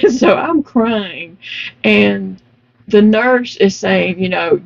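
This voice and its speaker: A woman's voice: medium pitch, lively intonation, takes it slowly, gravelly, dull audio. A woman chatting casually while crocheting, telling her story emphatically and laughing often. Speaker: vlogger.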